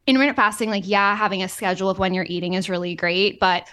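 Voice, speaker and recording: A woman's voice: mid-range voice, fairly even intonation, fast talker, sharp tone, smooth. A young woman from Boston, a dietitian guest, chatting in an upbeat way and giving advice with lots of "like.". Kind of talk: casual chat.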